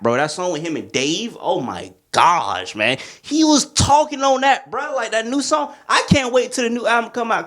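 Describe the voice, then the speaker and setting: A man ranking his favorite albums in a casual vlog, excitable and rambling, full of slang. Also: a little high. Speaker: music reviewer.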